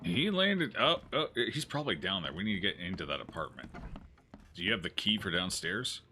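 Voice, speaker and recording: A man streaming a horror game, joking and yelling at the action as he plays. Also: low voice, fairly quick, slight background noise. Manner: excitable, jokey, yells at the game. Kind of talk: gameplay commentary.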